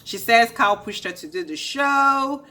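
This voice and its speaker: A woman's voice: on the high side, moderate pace, bright, forceful tone. A young woman ranting through a casual recap of a reality show, sassy and blunt with a gossipy edge.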